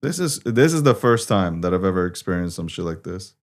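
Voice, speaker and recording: A man's voice: low-pitched, very animated, a little fast. A man hosting a casual livestream news show, talking to himself and swearing when things go wrong. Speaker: host.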